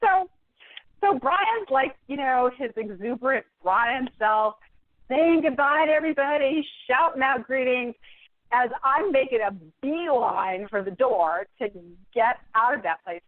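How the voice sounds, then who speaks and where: A woman guest in a podcast interview, retelling a story in an animated, exasperated way. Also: high voice, a little slow, no echo. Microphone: phone call. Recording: tinny phone line.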